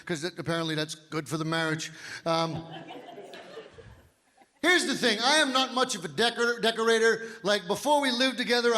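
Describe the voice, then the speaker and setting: A man in his fifties performing a stand-up comedy set, telling stories loudly and physically and shouting his punchlines. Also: sits high. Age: 50s. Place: comedy club stage. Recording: live hall reverb with faint noise. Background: audience laughter.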